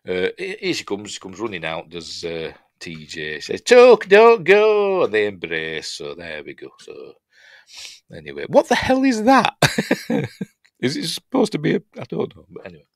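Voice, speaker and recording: Brief: middle-aged man, Yorkshire accent, low pitch, animated, chatty dry-humoured reviewer. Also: moderate pace, vocal fry, dry recording. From Yorkshire, England. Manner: rambling, chatty, dry humour, acts out lines in silly voices. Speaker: film reviewer. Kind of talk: casual film breakdown narration.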